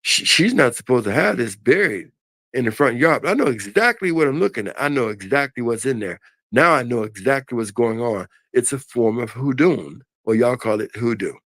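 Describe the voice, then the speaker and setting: An older man telling a story in a casual, animated and folksy way on a live stream. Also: medium pitch, moderate pace, no echo.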